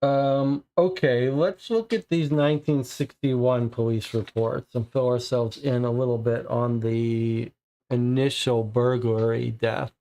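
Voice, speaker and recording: A man's voice: medium pitch, fairly even intonation, unhurried, mellow. Man musing aloud over a puzzle game. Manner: musing, hesitant. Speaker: board game player. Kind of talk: thinking aloud while playing.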